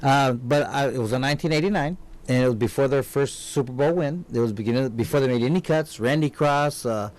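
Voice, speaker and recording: A man's voice: medium pitch, a little fast, hardly any pauses, darkish tone. A man who was a world champion boxer, guest on a radio talk show, telling stories in a loose, rambling way. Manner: rambling storyteller, many restarts. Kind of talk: casual interview talk. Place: radio studio.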